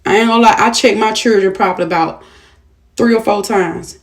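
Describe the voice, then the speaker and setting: A woman's voice: medium pitch, brisk. A woman venting to her vlog viewers in an agitated, profane, repetitive rant, shaken and upset. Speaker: vlogger.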